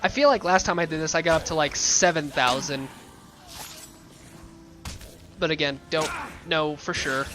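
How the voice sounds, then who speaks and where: A man's voice: a little high, fairly quick, over music. A man giving casual, playful commentary while playing a video game, chatty and rambling. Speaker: let's play gamer.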